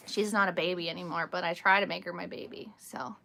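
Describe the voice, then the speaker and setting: A woman in her thirties hosting a casual live stream from home, chatting and telling rambling stories in an animated way. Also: lowish voice, fast talker, gravelly.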